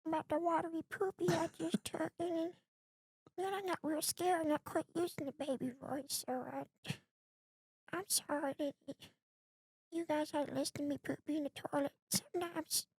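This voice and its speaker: A man putting on a whiny baby voice with squeaky, babyish talk. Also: steady tone, moderate pace, darkish tone, no room sound. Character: whiny baby talking about potty accidents.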